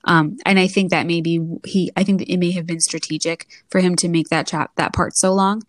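A woman's voice: on the low side, brisk, dry recording. Chatty woman podcast co-host, dry sound. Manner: chatty, animated, laughs often. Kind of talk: casual chat.

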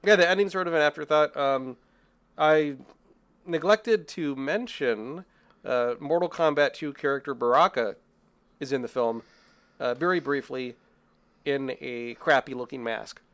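His medium-pitched voice is smooth and a bit bright, with a measured pace. A young man co-hosting a casual podcast, he talks about films in a rambling, self-deprecating manner, laughing often.

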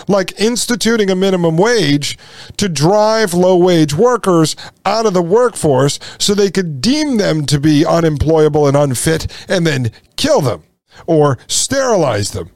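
A man's voice: a little high, a little mellow, no room sound. A man hosting a podcast, reading a text aloud and breaking off into sarcastic commentary. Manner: sarcastic, mocks with put-on voices. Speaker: podcast host.

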